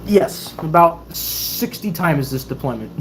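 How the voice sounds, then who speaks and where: A young man in his twenties, a Navy sailor and YouTuber, casually telling stories in a livestream Q&A and acting out other people's excited voices. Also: fairly high pitch, a little slow, a little hiss or hum. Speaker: YouTuber and Navy sailor answering viewer questions.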